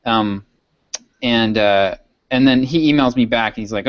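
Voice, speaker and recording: A man co-hosting a podcast tells a rambling story in casual chat, breaking into laughs along the way. His voice sits at an ordinary pitch. The recording is dull and dry, with no room sound. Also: expressive, moderate pace, no echo. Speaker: podcast co-host.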